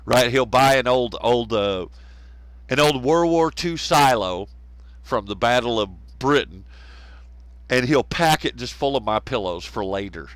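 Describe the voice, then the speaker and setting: Hosting a live stream, this Southern man rambles casually, cursing, laughing, mocking people, and mimicking them in a Southern American accent. His medium-pitched voice is animated, unhurried, and fairly bright. The rough recording has no room sound.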